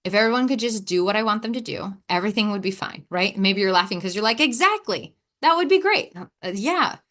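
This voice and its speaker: A woman's voice: medium pitch, steady tone, fast talker, a bit bright. A woman hosts a casual self-help podcast in a candid, self-deprecating way. She talks as if to a friend, sighing now and then and adding a playful edge of sass. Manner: acts out quoted dialogue in shifting voices. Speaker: podcast host.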